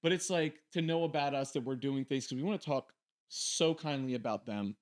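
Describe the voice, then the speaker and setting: A man shares stories as co-host of a fan podcast, keeping the chat casual and brisk in a mid-range voice. He's an animated narrator who voices the people he quotes.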